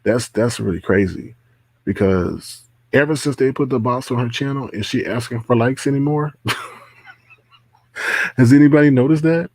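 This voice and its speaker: A man's voice: medium pitch, unhurried, long pauses, darkish tone, no echo. A man hosting a casual livestream, reading chat comments aloud, laughing often and repeating himself. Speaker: livestream host.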